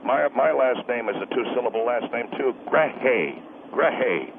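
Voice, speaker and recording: A man voicing a hot-tempered, threatening middle-aged husband who talks in a gruff, blustering, menacing way, heard over a phone line. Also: medium pitch, lively intonation, moderate pace. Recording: tinny phone line with hiss.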